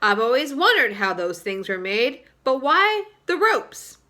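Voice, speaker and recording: A woman voicing a cocky male centipede in a storybook read-aloud, talking briskly and sharply. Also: high-pitched, very animated, pushed and bright, full character voice. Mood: knowing.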